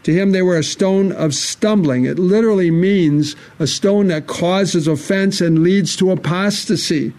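Man, preacher, earnest sermon delivery, somewhat high voice, scripture reading, repeated questions. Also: a little slow, hardly any pauses, darkish tone. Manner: earnest, repetitive rhetorical questions; reads scripture aloud in King James wording.

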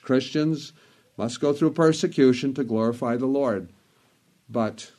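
Man preaching a measured sermon. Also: medium pitch, darkish tone. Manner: measured preaching, quoting King James scripture with rising fervor.

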